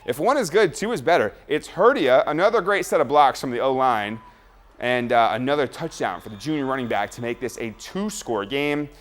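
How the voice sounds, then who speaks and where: At a moderate pace, a male sports show anchor runs through high school football highlights, mixing energetic play-by-play with jokes on the side.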